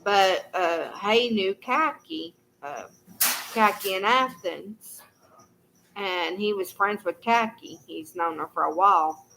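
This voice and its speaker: A woman's voice: lowish voice, a bit bright, a little hiss or hum, poor audio. A woman telling a long personal story to the camera in a casual, folksy, rambling way, full of "you know".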